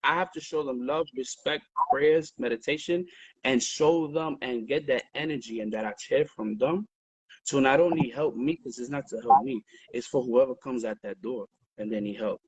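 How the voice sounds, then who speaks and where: A man as an interview guest, telling a story in an animated, profane, conversational way on a livestream. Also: mid-range voice, moderate pace, slightly rough, no echo, poor audio.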